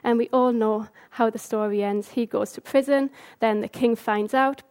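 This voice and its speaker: A woman delivering an informal sermon in a chatty, brisk manner. Her voice sits slightly high, and she stumbles and restarts now and then as she speaks. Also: fairly even intonation, a little mellow, clean tone. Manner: brisk, conversational, with fillers. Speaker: speaker giving a talk.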